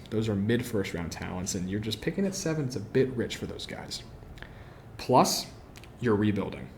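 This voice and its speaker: An opinionated man hosts a football podcast on his own, posing questions and then answering them with plenty of "you know" and "um." His voice sits on the low side. A faint hiss of background noise runs under the recording. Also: a little mellow. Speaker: podcast host. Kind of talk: solo football analysis podcast.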